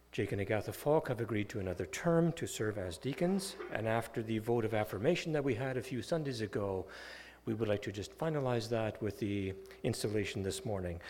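A man leading a church service, reading a formal announcement in a measured way. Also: fairly low pitch, lively intonation, darkish tone. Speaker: pastor. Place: church sanctuary. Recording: long reverb of a church hall.

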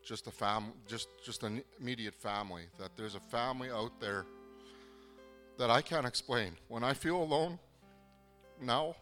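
A man from southern Manitoba gives a personal faith testimony, earnest and halting, with many pauses and restarts. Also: mid-range voice, fairly bright tone, long reverb tail, soft background music. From southern Manitoba, Canada. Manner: earnest, moved. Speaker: program participant giving testimony.

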